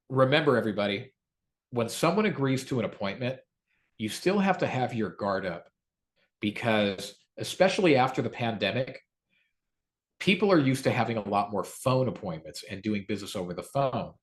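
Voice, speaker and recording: Male sales trainer, animated delivery, demos soft low-key rebuttals. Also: normal speed. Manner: lively, acts out calm low rebuttals.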